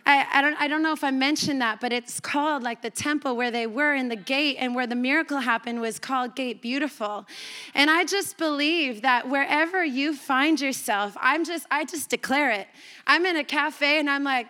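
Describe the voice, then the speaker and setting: A woman pastor from Canada preaching a sermon, telling a personal story in a chatty, animated way and acting out the dialogue. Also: high voice, moderate pace. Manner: conversational and animated, quoting dialogue with laughs.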